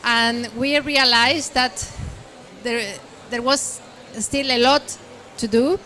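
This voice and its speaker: A woman moderating a conference panel who speaks haltingly, with many fillers. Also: fairly high pitch, fairly even intonation, bright, forceful tone.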